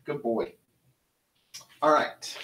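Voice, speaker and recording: A man's voice: medium pitch, drawn-out words, a bit bright, a little hiss or hum, poor audio. A middle-aged man from Michigan hosting a live flower-arranging show, chatting to viewers as he works. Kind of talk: casual live demonstration.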